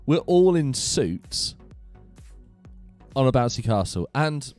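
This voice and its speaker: A man hosting a casual gaming live stream from his home computer room, chatty and animated, laughing often. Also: medium pitch, slow, soft background music.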